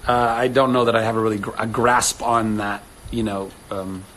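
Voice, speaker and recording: A man's voice: fairly low pitch, little pitch movement, moderate pace, a bit bright, a little hiss or hum. A man in his thirties hosting a casual livestream, answering viewer comments in a playful, rambling way and slipping into accents.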